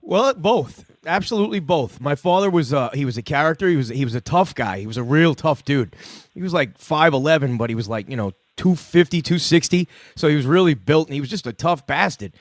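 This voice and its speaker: A man's voice: on the high side, expressive, a little fast, dry recording. A middle-aged man hosting a call-in podcast, talking loosely and profanely in rambling stories. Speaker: podcast host. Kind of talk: casual call-in chat.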